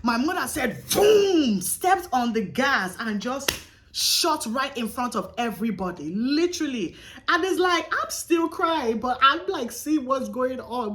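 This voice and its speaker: Young woman, storytime vlog, casual, profane, emphatic, fairly high voice, very lively pitch. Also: slight background noise. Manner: animated, profane, emphatic retelling. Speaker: storyteller vlogger.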